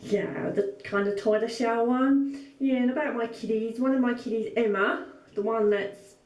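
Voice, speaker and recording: A woman's voice: fairly high pitch, fairly even intonation, moderate pace, a little mellow, recorded from a distance. A woman sewing vlogger opening gifts on camera, gushing and full of exclamations. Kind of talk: casual vlog, opening gifts. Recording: echoey room, mic set back.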